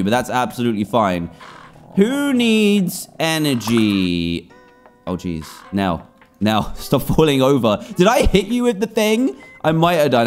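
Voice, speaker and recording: A man hosting a gaming channel, giving let's-play commentary and chattering and exclaiming at the animals in the game. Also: medium pitch.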